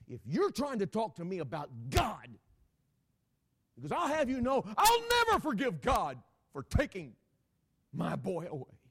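Grieving proud dad, insistent, repeats himself, mid-pitched as a preacher recounts him. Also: male voice, lively intonation, moderate pace, dark tone. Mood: furious. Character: grieving proud older father, bitter toward God.

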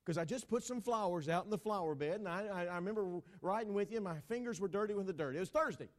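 A man's voice: high-pitched, fast talker, pitched above the performer's own voice, close to an everyday voice. A man voicing a stubborn wife who insists on the day in a petty argument. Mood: insistent. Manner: insistent, bickering.

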